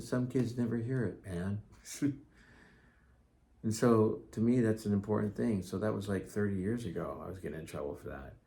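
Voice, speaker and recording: A man's voice: on the low side, normal speed, gravelly, mellow. A middle-aged man hosting his own podcast, talking casually and earnestly, rambling a little with restarts and asides. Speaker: podcast host. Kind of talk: casual solo talk.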